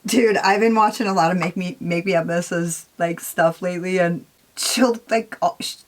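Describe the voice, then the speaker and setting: A young beauty vlogger films a makeup tutorial, chatty and candid, swearing casually and saying "like" constantly. Her voice is lowish and her pace moderate.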